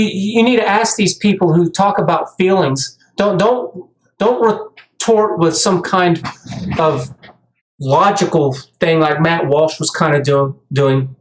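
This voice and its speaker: A commentator delivering a heated ranting monologue, often stammering and restarting words. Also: mid-range voice. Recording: echoey room.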